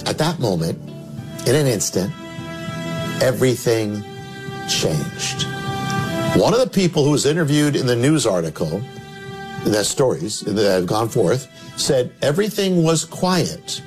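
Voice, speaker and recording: A man's voice: very animated, normal speed. Dramatic male preacher telling a story. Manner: dramatic storyteller, sudden drops to low emphatic tones. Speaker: minister. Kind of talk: storytelling sermon. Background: music.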